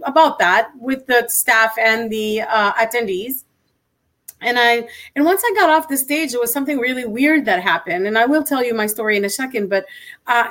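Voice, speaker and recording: A woman, a motivational speaker and interview guest, telling her personal story in an animated, emphatic way and acting out the dialogue she recalls. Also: fairly high pitch. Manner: animated and emphatic, acts out quoted dialogue, frequent restarts.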